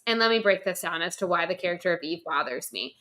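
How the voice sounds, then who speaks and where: Bright, emphatic young woman ranting. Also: lowish voice, quick pace. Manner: emphatic, animated, swears freely. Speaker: podcast co-host. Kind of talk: casual ranting chat.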